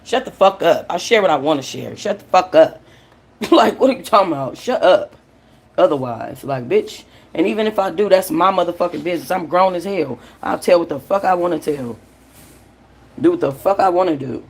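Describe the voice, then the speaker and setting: A woman's voice: fairly low pitch, expressive, fairly quick, slightly rough. Heated, profane young woman ranting. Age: young adult. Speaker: host. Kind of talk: casual gossip commentary.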